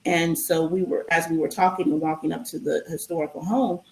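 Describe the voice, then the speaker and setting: A woman guest telling a long personal story in a casual interview, animated and full of ums and restarts. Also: low-pitched, brisk, creaky, echoey room, rough recording.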